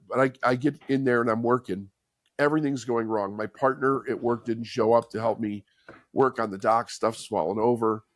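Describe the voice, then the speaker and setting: A middle-aged man talks candidly and earnestly as a podcast guest, recounting his own story. His voice sits in a mid pitch for a man. The recording is dry and close, with no room sound around it. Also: no echo. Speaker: podcast guest, author and speaker. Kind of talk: personal storytelling in an interview.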